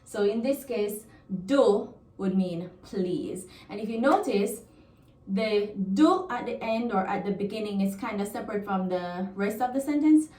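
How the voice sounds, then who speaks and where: Jamaican lady teaching a lesson, slow and patient, mellow voice, echoey room a bit off-mic. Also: medium pitch, recorded from a distance. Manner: patient explaining, repeats example phrases with lively emphasis. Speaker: language teacher. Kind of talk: online language lesson.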